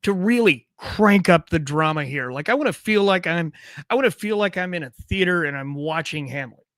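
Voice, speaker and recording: A man hosting a live show, with a voice a touch higher than most men's. He talks in a casual, playful way, often trips into restarts, and sounds close and dry. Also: lively intonation, moderate pace, a bit bright, no room sound. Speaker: show host.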